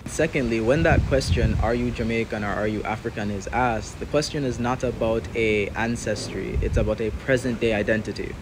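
A man at an ordinary mid pitch sets out his argument in a measured, articulate way, like someone in a debate. He is recorded outdoors, with passing vehicles clearly audible under his voice. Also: noisy background. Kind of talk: argued commentary.

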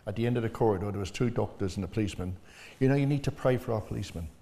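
Gravelly older Englishman in a hall. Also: fairly low pitch, rapid-fire, dark tone. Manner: plain, blunt storytelling. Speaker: bereaved father, interview guest. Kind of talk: personal testimony. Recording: long hall reverb.

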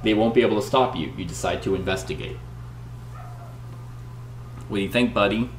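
A man's voice: on the low side, brisk. A man casually playing a board game, reading the story aloud with dramatic flair and chatting with his partner. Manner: dramatic read-aloud, lively banter. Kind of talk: casual play-through with read-aloud narration. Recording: echoey room, faint hum.

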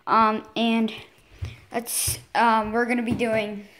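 A young girl hosting a casual vlog, talking quickly with lots of ums and restarts. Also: a little high, level tone, fairly bright tone. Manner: rambling with many ums, talks fast. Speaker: vlog host. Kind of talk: casual chat.

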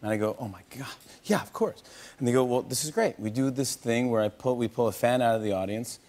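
A man hosting a late-night talk show, telling a story with excitement, laughing and stumbling over repeated words. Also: medium pitch, quick pace. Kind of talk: animated comic storytelling. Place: TV studio with live audience.

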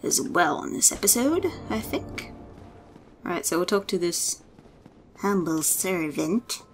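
A woman hosting a let's play, excitable and swearing, often laughing as she plays. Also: on the low side, slow pace, a little hiss or hum. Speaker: gaming let's-play host. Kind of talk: casual game commentary.

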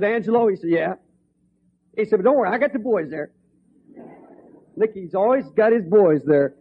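Impassioned preacher, high voice, lo-fi. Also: male voice. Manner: impassioned, swings from hushed to ringing. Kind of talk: storytelling sermon. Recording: dull lo-fi recording.

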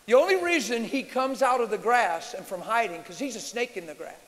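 Male preacher, high-pitched and bright, animated, occasionally shouts, live in a reverberant church hall. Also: fairly quick. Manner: animated, shouts and mimics screams. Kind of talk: sermon Q&A. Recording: reverberant hall with faint hiss.

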